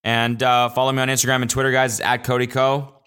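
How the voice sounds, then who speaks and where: A man's voice: medium pitch, completely flat delivery, fast talker, sharp tone, clear, resonant tone. A young man hosting his own podcast alone, telling rambling, profane, jokey stories and acting out quotes in exaggerated voices. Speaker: podcast host. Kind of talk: casual solo podcast monologue.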